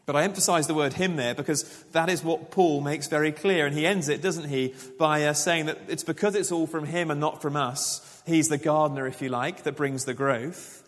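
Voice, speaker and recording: A man's voice: on the high side, steady tone, moderate pace, hardly any pauses, long reverb tail. A man preaching a sermon as pastor, conversational and full of rhetorical questions.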